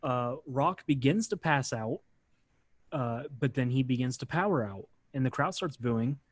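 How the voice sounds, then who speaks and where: This man, hosting a podcast, casually calls a match play by play, his relaxed narration full of "uh" fillers. He speaks unhurriedly in a mid-range voice. The recording is dry.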